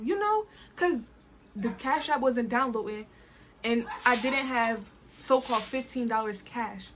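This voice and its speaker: A woman from New Jersey telling a story time vlog in an animated, colloquial way, full of "I was like". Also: a little high, a little slow, slight background noise. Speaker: vlogger.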